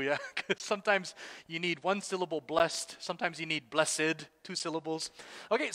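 Bright high-voiced man in a reverberant hall. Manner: chatty and playful, joking with listeners. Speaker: church worship leader. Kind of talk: casual Bible trivia and church announcements.

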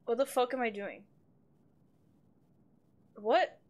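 A woman's voice: a little high, slow pace, a little mellow, lo-fi sound. Chatty swearing woman streamer. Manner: chatty, swears freely, laughs often. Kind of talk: casual game commentary.

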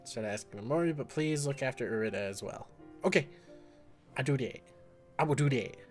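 A man giving casual let's-play commentary, excitable and jokey, yelping and shouting at the game. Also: medium pitch, moderate pace, soft background music.

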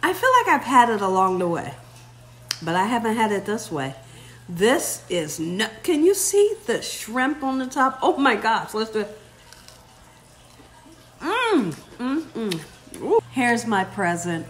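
A woman's voice: mid-range voice, sing-song, measured pace, fairly bright tone. A woman hosting her own vlog, chatting effusively and talking straight to her viewers in a casual way. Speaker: vlog host.

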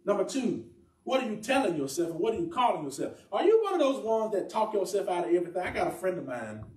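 A man with a high voice delivers an emphatic sermon, stretching out his key phrases. He is picked up from a distance. The sound rings around a reverberant church room. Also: big pitch swings, darkish tone. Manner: emphatic preaching with drawn-out phrases. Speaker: pastor. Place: church sanctuary. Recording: echoey church room from far off.

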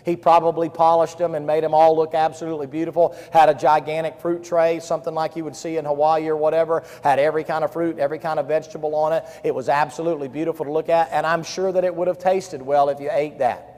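A man delivers a sermon as a pastor. His voice sits a bit high for a man, and he drives his points home by repeating phrases with emphasis. The sound carries a long reverberation from a large hall. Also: little pitch movement, fast talker, darkish tone. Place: camp-meeting hall.

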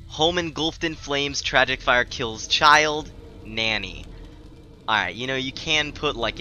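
A man's voice: on the low side, sharp tone, a little hiss or hum. A man giving rambling, profane, joking commentary while playing a video game. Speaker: gamer. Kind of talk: let's play commentary. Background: game audio.

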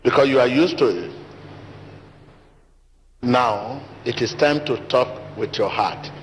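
A man delivering an emphatic, repetitive sermon as a pastor in a large church hall. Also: slow pace. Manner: repetitive emphatic preaching, rising to high pitch. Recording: long hall reverb, faint noise.

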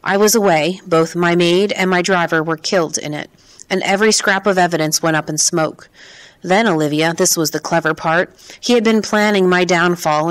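A woman reading the lines of a frail, grieving old man who speaks quietly and slowly in an audiobook. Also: on the low side, lightly acted. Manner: quiet, measured.

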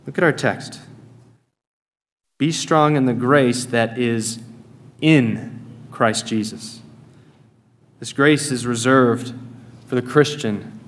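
Slow, earnest American man preaching. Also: on the high side. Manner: earnest, emphatic repetition. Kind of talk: sermon. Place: church sanctuary.

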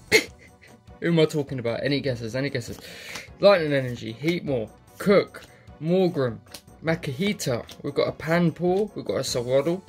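A man's voice: on the high side, lively intonation, normal speed, faint music behind. Sweary man opening card packs. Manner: sweary, muttering, jokey asides. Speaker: card pack opener. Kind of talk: casual running commentary.

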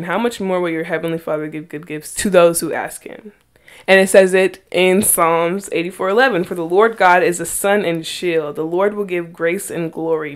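A woman hosting a faith podcast, earnestly reading Bible verses aloud and pressing her points with emphatic rhetorical questions. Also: fairly low pitch. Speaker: podcast host.

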